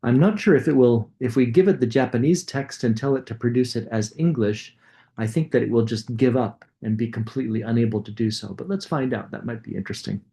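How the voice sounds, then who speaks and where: A man's voice: medium pitch, brisk, warm tone. A man giving a coding lecture, casually thinking aloud and demonstrating code as he goes.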